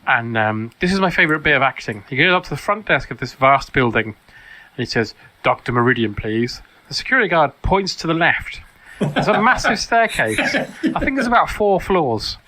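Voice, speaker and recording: A man co-hosting a podcast, recapping a film in a casual, deadpan comic way. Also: a little high, brisk, slight background noise. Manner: deadpan recapping with mock quotes. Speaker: podcast co-host. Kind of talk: casual comedic film commentary.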